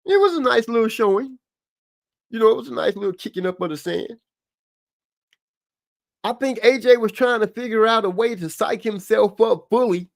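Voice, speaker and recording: A man's voice: high voice, lively intonation, normal speed, pauses often. A man hosting a live stream, giving rambling, casual boxing commentary with lots of asides.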